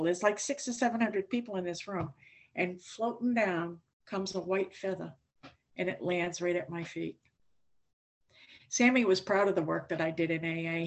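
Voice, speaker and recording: An older woman with a fairly low voice shares her story with a meeting. She talks plainly and candidly. Now and then a dry joke slips in. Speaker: AA speaker. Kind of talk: recovery share.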